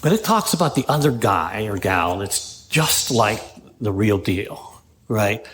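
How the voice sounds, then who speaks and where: With a lowish, fairly bright voice, a very animated man from Pittsburgh addresses an AA meeting in a meeting room at a measured pace. His recovery talk mixes stories and read-aloud passages with frequent "right?" and "you know?" There's slight background noise.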